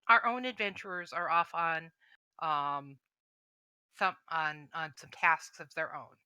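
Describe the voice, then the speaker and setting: A woman voicing a courteous male reptilian sage who welcomes travelers and explains things calmly. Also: sits low, slow, clean tone, no echo, heavily acted. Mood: welcoming.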